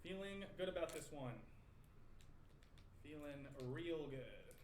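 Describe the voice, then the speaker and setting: A gushing pack-opening video host. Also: male voice, on the high side, expressive, a little hiss or hum. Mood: excited. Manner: salesy, gushing, quick patter. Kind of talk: in-game video clip. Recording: echoey room with faint ambience.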